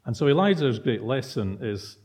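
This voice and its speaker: A man's voice: medium pitch, big pitch swings, moderate pace, darkish tone, breathy edge. A man preaching an expository sermon in a teacherly way, putting rhetorical questions to his listeners.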